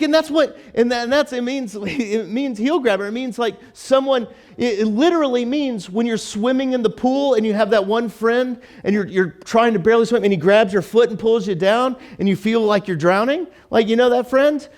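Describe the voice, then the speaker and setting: A man's voice: very high voice, a little fast, few pauses, a little mellow. A man preaching a casual sermon as pastor, chatty and joking, with frequent restarts and fillers. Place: church.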